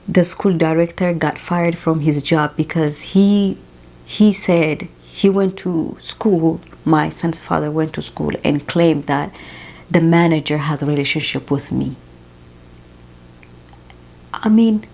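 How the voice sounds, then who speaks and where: A young woman who is not a native English speaker, talking emotionally in a personal vlog, halting and sighing as she fights back tears. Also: on the low side, vocal fry, darkish tone, poor audio. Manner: emotional, tearful, halting, with sighs. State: crying at times. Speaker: vlogger.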